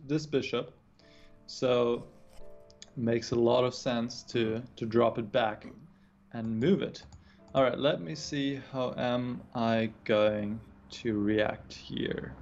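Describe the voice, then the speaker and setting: A man's voice: mid-range voice, fairly even intonation, takes it slowly, pauses often, dull audio, faint music behind. A chess grandmaster on a livestream, explaining his moves patiently in casual chat, often restarting his sentences.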